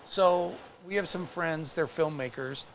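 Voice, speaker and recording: Male co-host, faint Chicago accent, animated storyteller, slightly high voice. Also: measured pace, noisy background. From Chicago area. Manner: chatty, animated storyteller with restarts. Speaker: co-host of a craft livestream. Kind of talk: casual storytelling chat.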